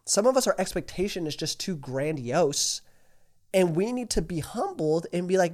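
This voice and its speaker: Guy podcast host, fairly high voice, lively and challenging, acts out little back-and-forth scenes. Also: moderate pace. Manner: animated, plays both sides of imagined conversations; direct, challenging, earnest. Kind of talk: preachy podcast monologue.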